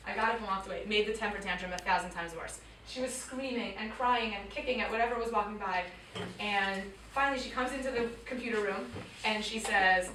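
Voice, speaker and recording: A woman in her thirties, a teacher telling a lively personal story to a school audience, acting out voices and dropping to quiet tones. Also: mid-range voice, fairly quick, slight background noise. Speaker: teacher speaking to students. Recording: echoey room picked up from far off.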